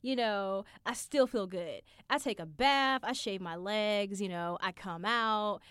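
Young female podcast host, casual profane storyteller, medium pitch, dry booth sound. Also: measured pace, clear, resonant tone, dry recording. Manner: chatty, profane, animated, acts out her own quotes.

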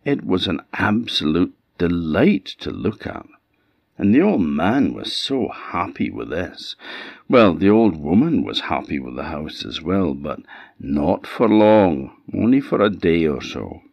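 A man with an Orkney accent from Scotland telling a folktale in a lively, animated oral style. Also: sits low, measured pace, creaky, no echo. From Orkney Islands, Scotland. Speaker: storyteller. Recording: dull lo-fi sound.

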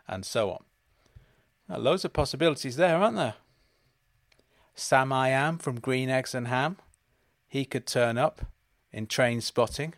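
A man, hosting a podcast and delivering a deadpan comic monologue about absurd schemes. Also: mid-range voice, a little slow, pauses often, dry recording, clean studio sound. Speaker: podcast host.

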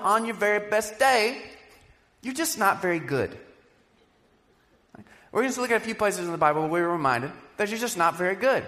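A man's voice: high-pitched, fairly bright tone. Man preaching in a reverberant hall. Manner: conversational, with playful asides. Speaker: pastor. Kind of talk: sermon.

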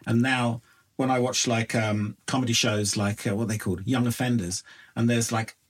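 A man hosting a podcast in casual chat who swears freely and keeps up a steady run of quick agreement. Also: mid-range voice. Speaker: podcast host.

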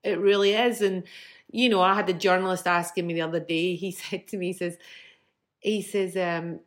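Blunt Scottish woman, lower voice. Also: normal speed. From Scotland. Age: middle-aged. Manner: blunt, swears freely, lively storyteller. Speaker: band frontwoman. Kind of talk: casual interview chat.

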